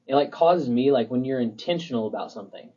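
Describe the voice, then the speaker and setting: A man's voice: medium pitch, animated, fast talker, dark tone, lo-fi sound. A young man and podcast co-host, talking casually and rambling through stories with lots of fillers. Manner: rambling, filler-heavy storytelling. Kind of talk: casual chat.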